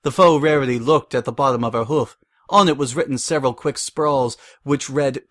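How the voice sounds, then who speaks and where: A man's voice: mid-range voice, moderate pace, fairly bright tone. Man narrating a fanfic reading.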